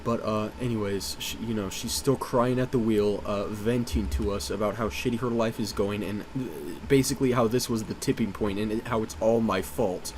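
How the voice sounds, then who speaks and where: A man's voice: on the low side, fairly even intonation, moderate pace, few pauses, a little mellow, slight background noise. A man telling a story in a casual, rambling, profane way, full of "uh" and "you know".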